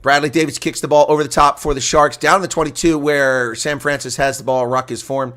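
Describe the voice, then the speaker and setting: A man calls live rugby play-by-play in a bright, forceful voice that sits a little high. He rattles off the action, turns to viewers with chatty asides and shouts on big plays. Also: steady tone, brisk. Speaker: rugby commentator. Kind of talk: live play-by-play reaction commentary.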